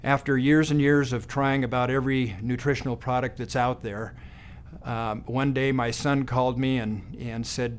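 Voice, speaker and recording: A middle-aged man, a doctor, sharing homespun observations from his practice. He talks in a folksy, unhurried way at an average pitch, often stopping to restart with "uh" and "and, and". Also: fairly even intonation, a little hiss or hum. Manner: folksy, halting, with many fillers and restarts. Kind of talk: testimonial monologue.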